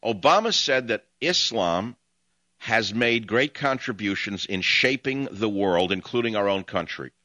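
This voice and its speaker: A man's voice: on the low side, expressive, a little slow, pushed and bright, dry recording, highs cut off. A man hosting a call-in talk radio show, ranting combatively at his callers in long monologues. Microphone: studio mic.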